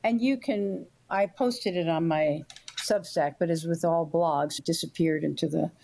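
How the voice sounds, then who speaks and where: An older woman, a guest author on a podcast interview, talking in a warm, roundabout storytelling way. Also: low-pitched, measured pace, gravelly.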